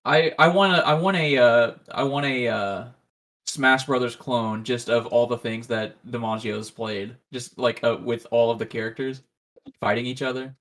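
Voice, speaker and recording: A man guesting on a podcast, telling animated stories in a casual chat. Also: medium pitch, normal speed. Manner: animated storytelling, laughs at own stories.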